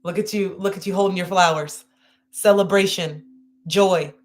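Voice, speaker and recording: A woman's voice: on the low side, fairly even intonation, moderate pace. A woman hosting a live-stream tarot reading, emotional and effusive, repeating her phrases as she talks to viewers. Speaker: tarot reader and host.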